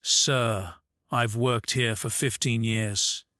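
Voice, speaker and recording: A man's voice: mid-range voice, steady tone, slow pace, sharp tone, no echo, studio quality. A man voicing a woman working as a rental office clerk, polite and matter-of-fact. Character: female rental office clerk, courteous and firm.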